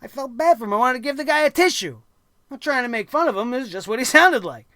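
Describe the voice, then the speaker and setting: A man's voice: very high-pitched, lively intonation, quick pace, sharp tone, dry recording, clean studio sound. A man hosting a wrestling review show, ranting bluntly and sarcastically with plenty of swearing.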